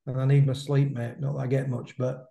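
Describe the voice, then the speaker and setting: This is a man in his fifties chatting on a podcast, his voice dark and mellow. He loops back on his phrases and tags them with "isn't it?" The sound carries a noticeable room echo. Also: medium pitch, little pitch movement, fairly quick, vocal fry. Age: 50s. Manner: chatty, repeats himself, drops in "mate" and "isn't it?" tags. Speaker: podcast co-host. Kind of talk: casual chat about boxing. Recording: roomy echo.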